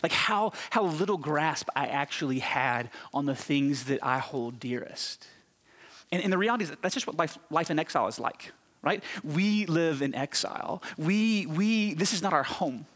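Man, pastor, husky, fairly high voice, animated storytelling sermon, long church reverb. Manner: animated, self-mocking storyteller with quick restarts. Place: church sanctuary.

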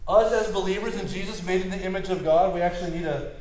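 A man's voice: high voice, quick pace, darkish tone, reverberant, poor audio. A man preaching a sermon in a casual, conversational way, often checking in with the crowd by asking "right?". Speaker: pastor.

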